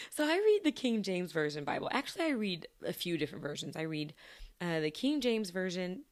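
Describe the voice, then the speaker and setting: Brief: female podcast host, lower-leaning voice, casual chatty delivery with frequent laughs. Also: very animated, normal speed. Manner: chatty, laughs often between thoughts; talks to listeners directly. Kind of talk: casual personal chat.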